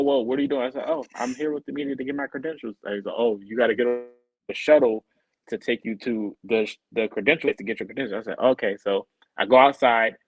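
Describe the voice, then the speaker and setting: Animated man telling a story on a podcast. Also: medium pitch, no echo, phone-quality sound. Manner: animated, acts out quoted voices. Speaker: podcast co-host. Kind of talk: casual storytelling chat.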